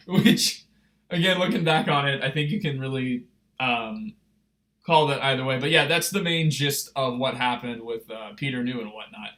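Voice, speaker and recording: Rambling excitable young man on a stream. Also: mid-range voice, moderate pace. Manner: rambling, excitable, many fillers and restarts. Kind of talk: casual livestream storytelling.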